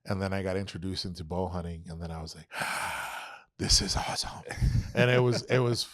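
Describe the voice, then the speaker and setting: A young adult man, a podcast guest, telling an animated, profane story and acting out quoted dialogue. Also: low voice, fast, no echo, clean studio sound. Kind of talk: casual storytelling.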